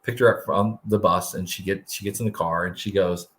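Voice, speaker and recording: A middle-aged man co-hosting a live talk show, telling candid, animated family stories. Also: sits low, a little fast, few pauses. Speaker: co-host. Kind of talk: casual live-show chat.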